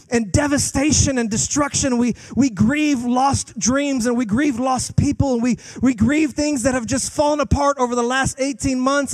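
High-voiced preaching man, dry sound. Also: no echo. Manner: emphatic, swings from fast bursts to slow drawn-out lines; repeats words when starting sentences. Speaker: guest pastor. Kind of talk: sermon.

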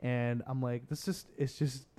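A man's voice: mid-range voice, measured pace. A man in his twenties co-hosting a podcast, telling a family story in casual chat and acting out his parents. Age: 20s. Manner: animated storyteller, mimics his parents in exaggerated voices. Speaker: podcast co-host.

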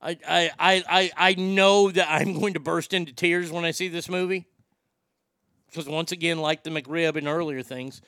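A man's voice: on the high side, pushed and bright, smooth, dry recording, clean studio sound. A man hosting a podcast in a casual, rambling style, emotional and swearing freely. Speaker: podcast host. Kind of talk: casual chat.

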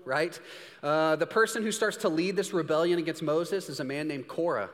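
A man preaching a casual, joking sermon, slipping into quick voices to act out examples. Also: fairly high pitch. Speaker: pastor. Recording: long hall reverb.

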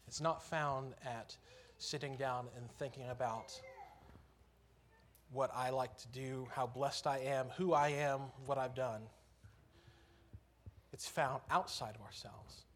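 A man's voice: mid-range voice, a bit bright, a little hiss or hum. A man preaching a sermon in church, earnest and conversational, lifting his voice on key phrases.

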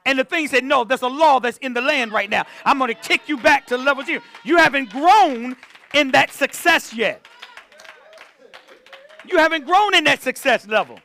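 A man's voice: very high-pitched, vocal fry, sharp tone. A man preaching a sermon to a church, repeating phrases and calling on the congregation to answer back. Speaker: pastor.

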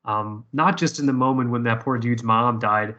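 Bright-voiced man, profane and rambling. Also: mid-range voice, steady tone, moderate pace, lo-fi sound. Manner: profane, rambling, many restarts. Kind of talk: casual storytelling.

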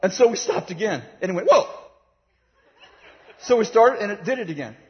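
A man's voice: high voice, fast talker. A man preaching, telling a story with acted-out voices and bursts of laughter, speaking from a platform in a large hall. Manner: animated, acts out voices, laughs while telling. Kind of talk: sermon storytelling. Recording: dull, reverberant hall sound.

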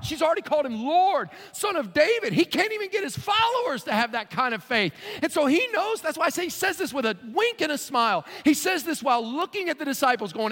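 A man with a Southern US accent preaching a sermon in a church, telling a story with animated bursts and shouts. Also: very high voice, brisk. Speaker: pastor. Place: large church sanctuary. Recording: long hall reverb.

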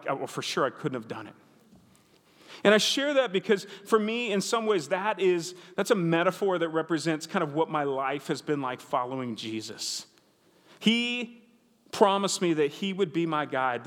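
A male pastor preaching a sermon, telling a story in an animated, conversational way with asides to the congregation. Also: high-pitched, in a large hall.

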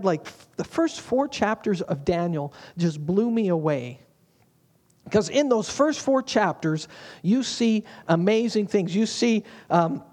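A man's voice: high voice, a little mellow. A man preaching a sermon as a pastor, in a humorous, conversational way.

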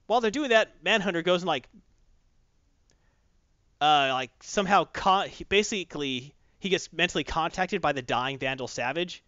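A man's voice: fairly high pitch, normal speed, sharp tone, no echo, lo-fi sound. A man casually recapping a comic story on a podcast, acting out characters in silly voices. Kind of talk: casual chat.

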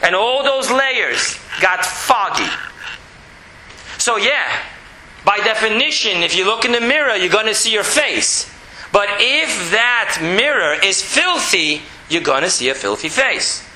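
A middle-aged man teaching a spoken Torah class, animated and repetitive, sometimes dropping to a quiet, even monotone. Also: high-pitched, measured pace. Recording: roomy echo with faint background noise.

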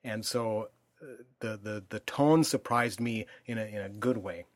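A middle-aged man hosting a casual home podcast with his daughter, speaking in a thoughtful, measured way. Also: on the low side, no room sound. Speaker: podcast host.

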